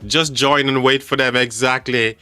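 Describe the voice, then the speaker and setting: A man's voice: mid-range voice, steady tone, normal speed, bright, forceful tone, clean tone. A man hosting a live game stream, chatty and joking with his chat, calling people mate. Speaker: livestream host. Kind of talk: casual live game commentary. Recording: faint music behind the voice.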